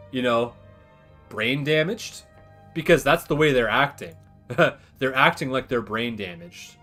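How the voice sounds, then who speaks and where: A man's voice: medium pitch, fairly bright tone. A man streaming a game and chatting casually, rambling through opinions with lots of "like" and fillers. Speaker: livestream gamer. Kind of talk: casual gaming commentary.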